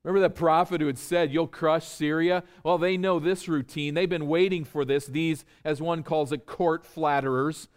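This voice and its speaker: A man's voice: on the high side, fairly even intonation, moderate pace, hardly any pauses, smooth. A man preaching an expository sermon. He explains step by step and puts rhetorical questions to his listeners with emphasis.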